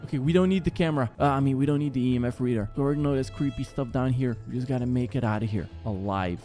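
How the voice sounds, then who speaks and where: A man's voice: mid-range voice, rapid-fire, mellow. A young man in gaming commentary, talking to viewers and getting panicky as he runs through a maze. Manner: jumpy, panicky, talks to viewers as guys. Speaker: gaming YouTuber. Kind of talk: horror game commentary. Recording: game music behind.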